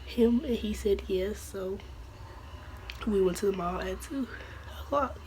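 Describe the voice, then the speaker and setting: A woman telling a casual storytime vlog while she is losing her voice, hoarse and partly whispering as she rambles and corrects herself. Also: medium pitch, a little slow, background noise. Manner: rambling, with restarts and self-corrections. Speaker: vlogger.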